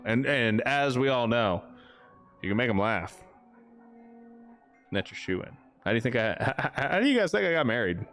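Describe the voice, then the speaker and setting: A man's voice: fairly low pitch, a bit bright. A man hosting a livestream, rambling and joking crudely while he plays. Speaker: livestream host. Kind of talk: casual gaming commentary.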